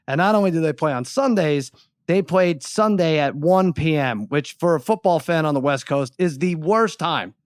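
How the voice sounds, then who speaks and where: A middle-aged man co-hosting a podcast, telling an animated, exasperated story in casual chat. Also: fairly high pitch, dry recording, studio quality. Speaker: podcast co-host.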